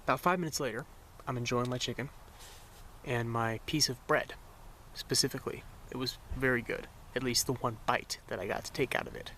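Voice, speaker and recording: A man's voice: medium pitch, brisk. A young man vlogging from his van, telling stories casually in a rambling, laid-back way, full of filler words. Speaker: vanlife vlogger. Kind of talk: casual vlog storytelling. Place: around his van and campsite. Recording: steady road and outdoor noise behind.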